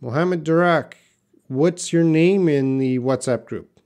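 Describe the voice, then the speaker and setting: A middle-aged man hosting a live English lesson, reading chat comments aloud and modelling words slowly. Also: a little high, a little mellow.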